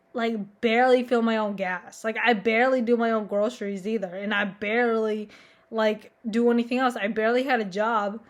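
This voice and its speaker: Rambling young woman, slightly high voice. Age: young adult. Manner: rambling, heavy with fillers; flat, self-mocking. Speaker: vlogger. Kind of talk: confessional monologue.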